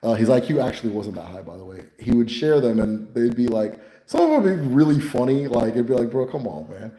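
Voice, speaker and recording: A man chatting casually in a live Q&A, loose and profane, rambling between laughs. His voice is dark and mellow, and the room echoes. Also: mid-range voice, sing-song, quick pace. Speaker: host of a spirituality channel.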